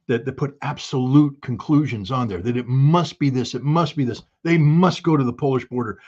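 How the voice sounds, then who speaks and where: A man's voice: medium pitch, a little mellow, breathy edge, dull audio. A man giving casual spoken analysis, emphatic and folksy, making his points with everyday analogies. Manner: folksy, emphatic, uses analogies and acted quotes. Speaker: commentator.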